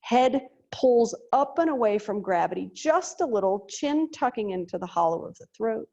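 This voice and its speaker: A woman's voice: a little high, expressive, moderate pace, gravelly, dark tone, highs cut off. A woman teaching a chair yoga class over a video call, giving breathing and posture cues with chatty, joking asides. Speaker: yoga instructor.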